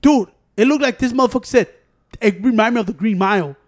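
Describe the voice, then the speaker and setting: Man, high-pitched, profane, animated storyteller, casual chat. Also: quick pace.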